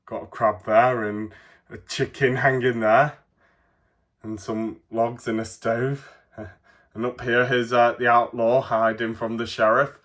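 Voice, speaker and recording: A man's voice: medium pitch, flat delivery, takes it slowly, fairly bright tone. An English man with a cold giving a casual toy review, rambling with many fillers and frequent laughs. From England. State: has a cold.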